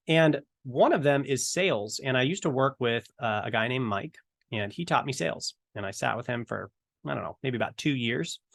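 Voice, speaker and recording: A man's voice: medium pitch, no room sound. Casting: man, evangelism trainer, conversational storytelling, dry close sound. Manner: storytelling, chatty, animated retelling. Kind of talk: casual teaching talk to camera.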